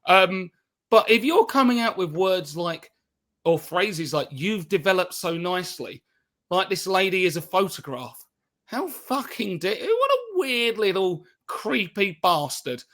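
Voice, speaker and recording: A male comedian co-hosting a podcast in loose, jokey chat. His voice sits high for a man and rings bright and forward. He swears freely and trips over his words as he riffs. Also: sing-song, measured pace. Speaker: podcast co-host.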